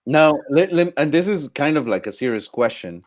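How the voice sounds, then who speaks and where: A man's voice: a little high, animated, moderate pace. A man on a casual live stream as a guest, teasing and giggly, often stumbling and restarting his sentences.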